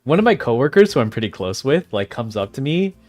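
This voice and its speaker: Rambling streamer man, lively pitch. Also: quick pace. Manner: rambling, easily distracted, laughs often. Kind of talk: casual chat with livestream viewers.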